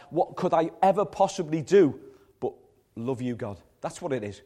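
A man's voice: on the high side, lively intonation, moderate pace. Earnest man preaching a sermon. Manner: earnest, repetitive preaching with soft, dropping phrase endings. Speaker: pastor. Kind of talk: live sermon. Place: church service.

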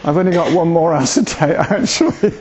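A man's voice: a little high, expressive, a little fast, a little mellow, husky. An older man, giving an informal sermon in a rambling, hesitant way with self-deprecating humour. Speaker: preacher. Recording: dull lo-fi recording.

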